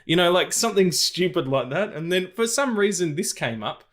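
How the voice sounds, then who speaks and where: His expressive voice sits high and runs a little fast as he co-hosts a podcast about film news. He rambles casually, with plenty of fillers, restarts and tangents.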